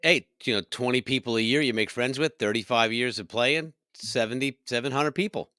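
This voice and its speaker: A man's voice: medium pitch, a little fast, pushed and bright, no echo, clean studio sound. A man co-hosting a casual music podcast, upbeat and encouraging, speaking into a handheld vocal mic. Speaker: podcast co-host. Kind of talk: casual chat. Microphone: handheld dynamic vocal mic.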